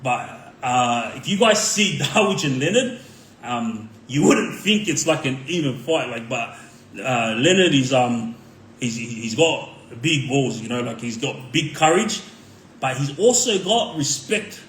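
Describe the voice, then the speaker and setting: A man's voice: mid-range voice, animated, measured pace, fairly bright tone, a little hiss or hum. Rambling Australian man, roomy echo. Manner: rambling, full of "like" and "um", street slang. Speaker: former inmate telling his story. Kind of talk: casual storytelling.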